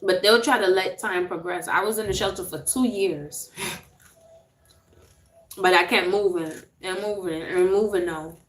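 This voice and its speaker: A woman's voice: on the low side, measured pace, fairly bright tone. Chatty woman in her thirties, roomy echo. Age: 30s. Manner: chatty, laughs often, reads viewer names aloud. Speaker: livestream host. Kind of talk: casual live chat with viewers.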